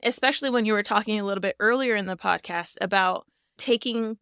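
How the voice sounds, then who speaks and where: A woman's voice: medium pitch, fairly quick, smooth, dry recording, clean studio sound. A woman in her thirties hosting a podcast, chatty and laughing often as she talks. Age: 30s. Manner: chatty, warm-hearted, laughs often, many "like" fillers. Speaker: podcast host. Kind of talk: casual conversation.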